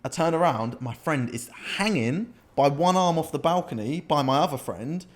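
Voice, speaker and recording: A young man with a British accent, telling animated, laughing anecdotes as a podcast co-host. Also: a little high, normal speed. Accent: British English. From Britain. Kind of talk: casual storytelling chat.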